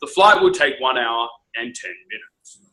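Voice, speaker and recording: A man imitating a calm male airline captain giving a cabin announcement in a low, authoritative tone. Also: moderate pace, poor audio.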